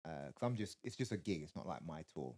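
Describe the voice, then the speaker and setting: A young man, co-hosting a comedy podcast and telling animated stories in casual chat. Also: fast. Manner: animated storytelling, lively pitch.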